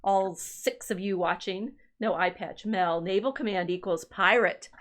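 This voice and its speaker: A woman's voice: medium pitch, a little slow, fairly bright tone, slight background noise. A woman historian chatting on a livestream, reading family-tree records aloud with musing asides and restarts. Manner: reads genealogy records aloud, musing and self-interrupting. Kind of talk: casual livestream chat.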